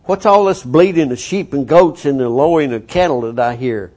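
A stern old prophet who demands answers and rebukes sharply, as a preacher voices him. The man's voice sits rather high and is pushed hard on the scolding words. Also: moderate pace, a little mellow, lightly acted. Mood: demanding.

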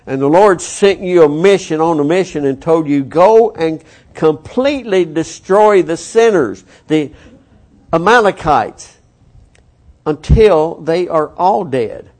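A stern old prophet who demands answers and rebukes sharply, as a preacher voices him. The man's voice sits rather high and is pushed hard on the scolding words. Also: expressive, takes it slowly, a little mellow. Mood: rebuking.

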